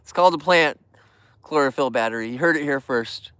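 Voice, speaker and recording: A man's voice: mid-range voice, brisk, bright, forceful tone, clean tone, dry recording. A man hosting a casual livestream, chatting and joking in a goofy, youthful-sounding voice. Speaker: livestream host.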